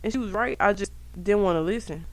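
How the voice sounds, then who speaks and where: A young woman hosting a podcast, telling stories from her school years in a casual, profane, animated way, talking straight to her listeners. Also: medium pitch, fast talker. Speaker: podcast host. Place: indoors at home.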